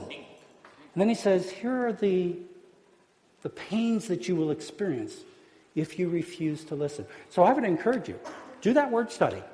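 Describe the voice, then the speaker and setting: A man preaching a sermon as pastor, earnest and emphatic, dropping to hushed tones at key points. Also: sits high, lively intonation, moderate pace. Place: church sanctuary. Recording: long hall reverb.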